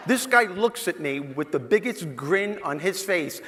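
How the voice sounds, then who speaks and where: A man giving a humorous motivational talk, telling a story to a live audience in a punchy, animated way. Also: high voice, slow. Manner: animated, punchy, talks directly to the crowd. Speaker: motivational speaker. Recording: long reverb of a large hall.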